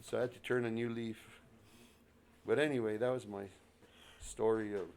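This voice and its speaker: A man's voice: lowish voice, moderate pace, slight background noise. A man from northern New Mexico telling a personal story to a live audience at a library, acting out the dialogue and chuckling often. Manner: lively, acts out both sides of a dialogue, chuckles often. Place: public library event room.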